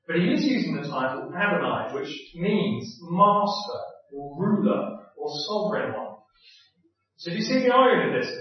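A man's voice: fairly high pitch, moderate pace. Man preaching in a very echoey hall. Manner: animated, acts out quotes, repeats key points. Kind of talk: sermon. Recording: very echoey, distant, dull sound.

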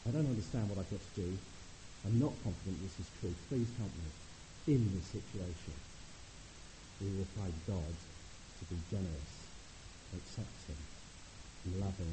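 Earnest male preacher, dark mellow voice. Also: on the low side, a little hiss or hum, poor audio. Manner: earnest, rises to animated emphasis. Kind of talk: sermon.

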